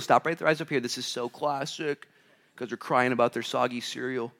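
Excitable preacher guy, reads scripture, goes big then soft. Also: sits high, a little fast. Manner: animated, swings from loud to hushed. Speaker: pastor. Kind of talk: sermon.

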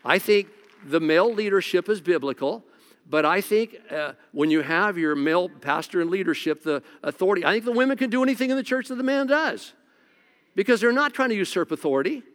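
A lead pastor delivering a laid-back, joking sermon, his speech full of quick restarts. His voice sits a bit high for a man. Each phrase trails into the long reverb of a big church hall. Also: animated, fairly bright tone. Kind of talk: conversational sermon.

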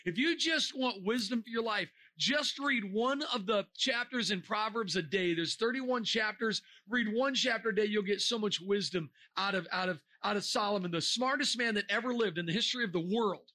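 A man preaching a sermon to a young crowd, animated and joking, firing rhetorical questions and sometimes shouting. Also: sits high, moderate pace, hardly any pauses.

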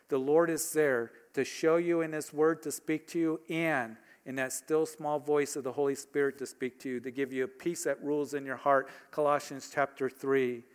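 A man's voice: fairly high pitch, flat delivery, normal speed, hardly any pauses, smooth. A man preaching a sermon as pastor, talking conversationally and asking his congregation rhetorical questions.

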